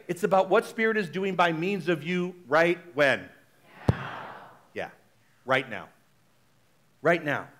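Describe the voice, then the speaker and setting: A man giving a sermon as a minister, talking in a chatty, animated way and speaking straight to the congregation. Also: on the high side. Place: spiritual center service.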